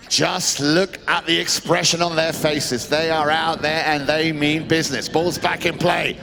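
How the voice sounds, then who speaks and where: A man giving live polo commentary to a crowd, chatty and excitable, shouting out the big plays. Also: fairly high pitch, unhurried, gravelly, hardly any pauses, faint music behind. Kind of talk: live sports commentary over a PA. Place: outdoor snow polo ground.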